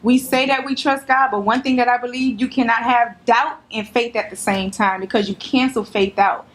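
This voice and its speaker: High-voiced preacherly woman host. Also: moderate pace. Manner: animated, affirming, preacherly asides. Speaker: interview host. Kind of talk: church-style interview.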